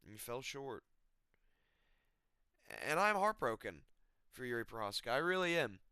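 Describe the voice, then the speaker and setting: A man's voice: mid-range voice, big pitch swings, moderate pace, bright, forceful tone, clean tone, dry recording, clean studio sound. A young man on his own channel, ranting about a fight in an exasperated, swearing way and repeating himself. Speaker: MMA commentator. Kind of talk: emotional rant. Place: his apartment.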